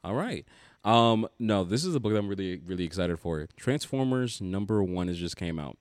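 A man's voice: deep voice, expressive, moderate pace, darkish tone, dry recording, studio quality. A man hosting a casual podcast about comics, talking loosely and swearing freely. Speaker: podcast host.

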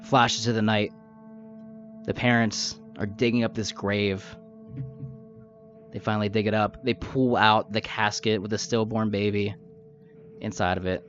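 A man's voice: on the low side, a bit bright. Brief: male game master, casual rambling narration, dull recording with faint music underneath. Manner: casual storytelling with fillers, laughs at own jokes. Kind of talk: narrating a tabletop game backstory.

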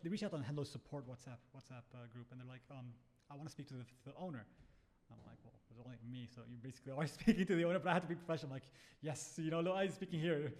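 A man's voice: fairly high pitch, darkish tone. A man, a startup founder, telling a story in casual chat, acting out quotes and swearing freely. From Bahrain.

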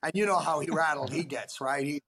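A middle-aged man swaps hockey stories on a podcast, swearing freely and slipping into the voices of the people he quotes. His voice sits a touch higher than most men's, and he talks in a loose, rambling way. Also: a little fast, breathy edge. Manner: profane, animated anecdotes with quoted voices. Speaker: guest, former pro hockey player. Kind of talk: casual podcast storytelling.

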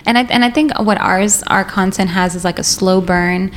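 A woman content creator appearing as a podcast guest. She speaks in a mid-range voice, openly and chattily, sharing candid feelings in relaxed conversation. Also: medium pitch, moderate pace, a little hiss or hum. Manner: open, chatty, vulnerable. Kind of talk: casual chat.

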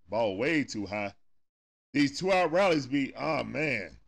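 A man's voice: medium pitch, big pitch swings, slow pace, gravelly. A man with a Southern US accent hosting a casual watch-party stream, calling the plays live and talking straight at the players in folksy turns of phrase. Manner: talks straight at the players, coaching and groaning. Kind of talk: casual live play-by-play commentary.

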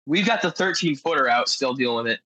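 Speaking fast with a breathy edge, this mid-range male voice belongs to a podcast guest who tells adventure tales in a loose, rambling style packed with "like." He's a lively storyteller. The audio is rough and has no room sound.

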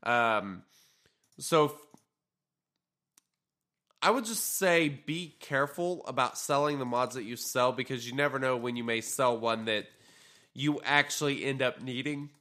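A man with a bright, forward voice talks over a mobile game in loose podcast chat. He rambles a little, leans on ums and uhs, and sounds tired and yawny. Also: medium pitch, a little slow, long pauses. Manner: relaxed, rambling, frequent fillers. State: tired, yawning. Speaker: podcast co-host. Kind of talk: casual gaming podcast chat.

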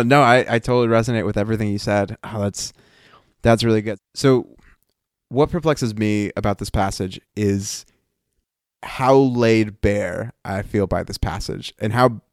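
A man's voice: fairly low pitch, measured pace, dry recording, studio quality. A man co-hosting a casual Bible discussion podcast, thinking aloud and often breaking off to restart his sentences. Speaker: podcast co-host.

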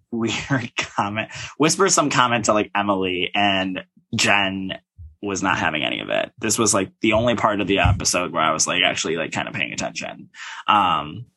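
A man co-hosts a casual gossip podcast in a chatty, campy way, peppering his talk with slang. His voice is bright and forward, and it sits on a dry, close mic with no room sound. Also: sits low, lively intonation, moderate pace, gravelly, no room sound. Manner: chatty and campy, heavy with 'like'. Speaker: podcast co-host.

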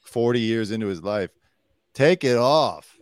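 A man's voice: mid-range voice, lively intonation, unhurried, no echo. A man hosting a casual comedy podcast, joking and sarcastic, swearing freely. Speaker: podcast host. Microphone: desk mic with headphones.

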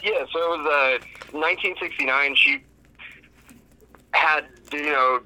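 A man phones in to a radio show and tells a story in a plain, matter-of-fact way. His voice is very bright and edgy. It comes through a tinny telephone line. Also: fairly high pitch, big pitch swings, a little slow, gravelly. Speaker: caller. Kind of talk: telling a story on a call-in show.

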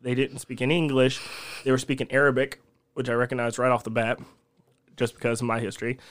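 A man, a podcast guest telling a long story in casual chat, animated and profane. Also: mid-range voice, fast. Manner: animated, profane storyteller who laughs at his own tales.

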